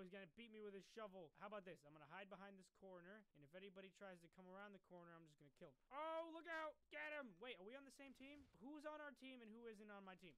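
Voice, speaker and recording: A man hosting a gaming video with jokey, exclamatory commentary that swings from loud outbursts to mumbled asides. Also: high-pitched, clean tone, poor audio. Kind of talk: energetic let's-play commentary.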